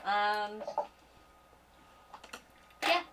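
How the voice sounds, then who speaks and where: A woman introduces her characters at a slow, hesitant pace, with many pauses and fillers. She is set back from the mic, and faint noise runs under her voice. Her manner is casual and unhurried. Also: mid-range voice, lively intonation, distant mic. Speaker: player.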